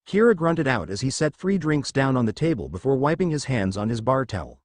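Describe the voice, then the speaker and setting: A man reading a fan fiction story aloud with an animated, lively storytelling delivery. His voice is mid-pitched and the recording is close and dry, with no room sound. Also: brisk, few pauses, no room sound. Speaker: narrator.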